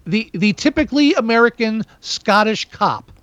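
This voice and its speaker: A man co-hosting a podcast, reviewing a film in casual chat, rambling with many restarts and animated asides. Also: high voice, moderate pace, no echo. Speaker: podcast co-host. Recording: dull lo-fi dry sound.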